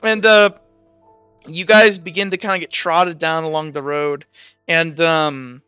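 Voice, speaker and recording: A man's voice: a little high, fairly even intonation, measured pace, sharp tone, clear, resonant tone, dry recording, highs cut off, soft background music. A man narrating as game master of a tabletop game, rambling with lots of fillers and restarts.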